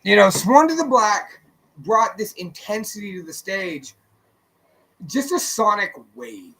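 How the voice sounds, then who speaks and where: This radio co-host speaks unhurriedly in a high voice, recorded at low quality. Chatting casually, he tells stories and performs his friends' lines, swearing freely and leaning on plenty of fillers with animated energy.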